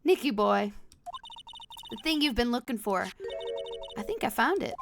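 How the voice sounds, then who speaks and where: A woman's voice: a little high, lively intonation, normal speed, creaky, over music. A woman doing a gushing, theatrical young wife. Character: bubbly, dramatic young woman defending her husband. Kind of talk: reading a visual novel aloud.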